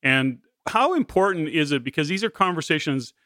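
Bright-voiced rambling male podcast host. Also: on the high side, expressive, normal speed, no room sound, clean studio sound. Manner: rambling, with many restarts. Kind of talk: conversational podcast interviewing.

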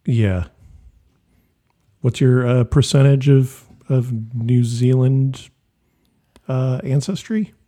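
A man's voice: mid-range voice, slow pace, long pauses, dark tone. A man co-hosting a podcast in casual, jokey chat, recorded on a home office mic. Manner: chatty, jokey, laughs often. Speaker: podcast co-host.

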